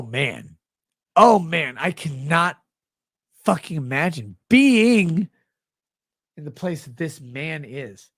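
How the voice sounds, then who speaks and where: Drunk man, slurred speech, mocking rant, husky, lively swinging pitch. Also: no echo. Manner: sneering, mocking. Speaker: streamer.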